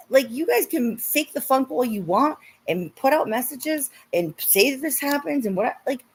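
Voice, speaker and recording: A woman hosting a casual livestream, talking to her viewers and guests in an animated way, swearing often and mocking her critics in put-on voices. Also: medium pitch, slight background noise. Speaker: livestream host.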